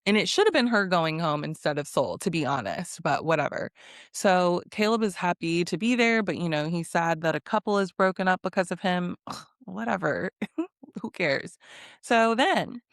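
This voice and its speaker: Woman, casual recap, sassy and blunt, lowish voice, dry close sound. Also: lively intonation, moderate pace, no echo. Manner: sassy, blunt, profane, laughs often. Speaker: recap vlogger.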